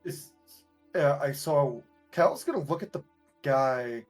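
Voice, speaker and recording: A man's voice: a little high, lively intonation, takes it slowly, faint music behind. A man playing a tabletop game who casually describes his character's actions. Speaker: player.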